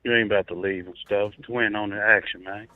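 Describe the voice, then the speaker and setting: A man phones in to a talk show, relaxed but insistent in how he makes his point. His voice comes through a tinny, dry phone line. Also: fairly low pitch, a little fast, no room sound. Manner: laid-back, conversational, insistent. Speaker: caller. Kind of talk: phone call-in chat.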